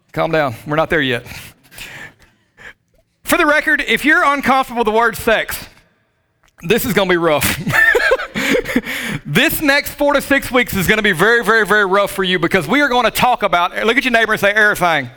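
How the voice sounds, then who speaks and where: Speaking to his congregation directly and with jokes, this Southern U.S. pastor delivers a sermon in a church sanctuary before a live audience. His voice is very high-pitched with a sharp tone.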